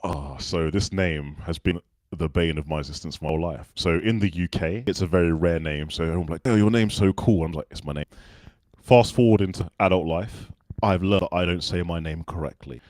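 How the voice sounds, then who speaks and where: A man's voice: sits low, brisk, no room sound. A man from the UK with a well-spoken Southern English accent, telling stories as a guest in a casual interview. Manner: relaxed anecdotal storytelling.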